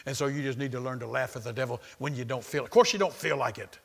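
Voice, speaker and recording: A man's voice: medium pitch, quick pace, gravelly. A man preaching a sermon, emphatic and repetitive, calling out to the congregation.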